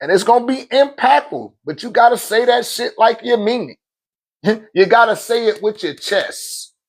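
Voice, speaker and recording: A man's voice: extremely high pitch, lively intonation, normal speed. A man hosting a phone livestream, preaching in a casual, slangy way and laughing often between points. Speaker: livestream host.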